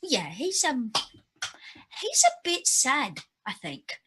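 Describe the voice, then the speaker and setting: A woman's voice: high voice, wildly swooping pitch, slow, a bit bright. A woman playing her character in a tabletop game, hesitant and stammering yet eager. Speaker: player. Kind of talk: in-character tabletop role-play.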